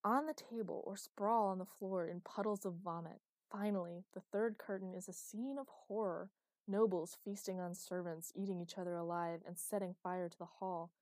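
A woman's voice: on the low side, fairly even intonation, moderate pace, darkish tone, no echo, natural voice. A woman voicing a cheerful young female writer who runs a fantasy game with sadistic glee. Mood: narrating. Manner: cheerful and teasing.

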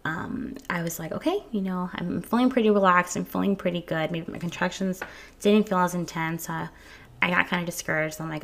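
A woman's voice: on the low side, a little fast, creaky. A young woman telling a personal story to her viewers from home in a casual, candid way, swearing freely and restarting her sentences. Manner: candid and frank, swears freely, frequent restarts and little laughs. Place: at home early in the morning.

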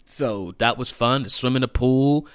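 A young man casually telling a profane, animated family story with lots of fillers and laughter. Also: medium pitch, a little slow, clear, resonant tone, dry recording, clean studio sound.

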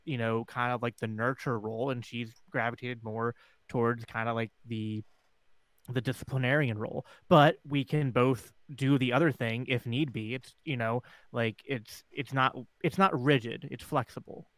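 Laid-back guy chatting on a podcast, dry sound, middle pitch. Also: fairly even intonation, moderate pace, fairly bright tone, dry recording. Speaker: podcast co-host. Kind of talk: casual chat.

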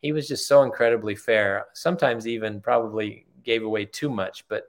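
Older man, podcast guest. Earnest, heartfelt storyteller, lowish voice. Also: steady tone, a little fast. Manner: earnest, heartfelt, repeats phrases for emphasis. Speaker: podcast guest, retired executive. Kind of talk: conversational storytelling.

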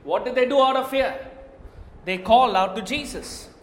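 A man's voice: very high-pitched, moderate pace. A man preaching a sermon, asking the congregation questions and often raising his voice for emphasis. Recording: echoey hall.

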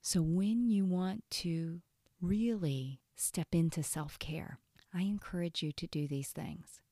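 A woman's voice: on the low side, slow pace, mellow, dry recording, clean studio sound. A woman coach giving an earnest teaching talk on self-care, often asking "right?".

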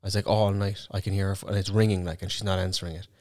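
A young Irish man from Cork with a low, deep voice, rattling through a story at a quick clip. He co-hosts a casual podcast chat, swears freely and acts out what others said in his own voice. His talk stays loose and unscripted. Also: flat delivery, darkish tone. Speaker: podcast co-host.

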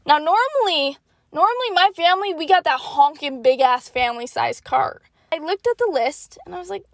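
High-voiced eighteen-year-old woman telling a story. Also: gravelly, no echo. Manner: animated, dramatic, acts out her own thoughts in hushed asides. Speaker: vlogger. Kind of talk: casual storytelling.

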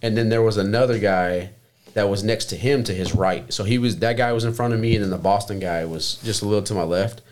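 A man's voice: lowish voice, a little fast, a little mellow, slight background noise. A young man chatting casually, telling a long rambling story with lots of swearing. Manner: rambling, profane, laid-back storyteller.

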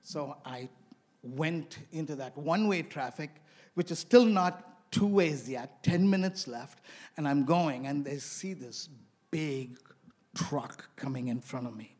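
A man's voice: medium pitch, slow pace, a little mellow. A man from India preaching a sermon, telling stories and asking the congregation questions.

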